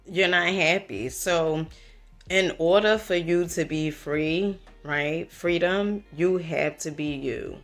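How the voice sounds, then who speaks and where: A woman's voice: deep voice, takes it slowly, soft background music. A woman with a Southern US accent giving a motivational talk to the camera, emphatic and preachy, calling the listener honey and checking in with "right?" and "okay?". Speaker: vlogger.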